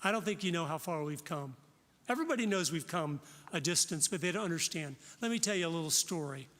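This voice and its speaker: A man's voice: on the high side, animated, quick pace, a bit bright. A man in his fifties from Florida, giving an impassioned, direct conference talk in a preacherly manner. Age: 50s. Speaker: conference speaker. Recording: long reverb of a large hall.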